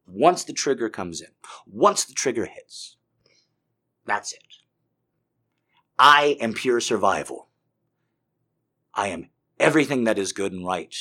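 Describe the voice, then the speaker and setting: Man, low forceful voice, intense confessional monologue, dips hushed then swells. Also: animated, slow pace, pauses often. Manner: intense, emphatic, swings from hushed to loud.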